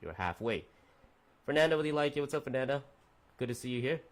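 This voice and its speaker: A man's voice: medium pitch, expressive, quick pace. A young man hosting a casual podcast stream, chatting loosely with viewers in a rambling, profane way. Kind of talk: casual chat with live chat viewers.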